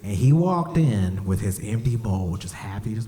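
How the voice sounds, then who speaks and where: Lively man doing stand-up. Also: lowish voice, normal speed. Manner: animated storytelling, acts out voices, bursts into shouts. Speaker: stand-up comedian. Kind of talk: stand-up comedy set. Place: comedy club stage, live audience.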